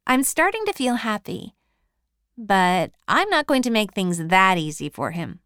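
Female audiobook narrator, measured first-person reading, unhurried, dry studio. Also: medium pitch, sing-song, fairly bright tone, clean tone, no room sound.

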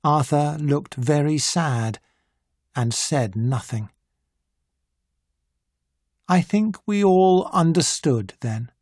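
A narrator reading a simplified classic story in a clear, deliberate style. The pacing is exceptionally slow, and the voice sits in a middle register. The recording is dry and close, with no room sound. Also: mid-range voice, expressive, darkish tone, no echo. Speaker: audiobook narrator.

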